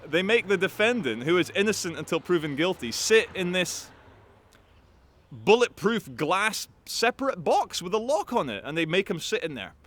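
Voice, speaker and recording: A man telling a story to camera in an animated, profane, rambling way. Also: high voice, moderate pace. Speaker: activist vlogger.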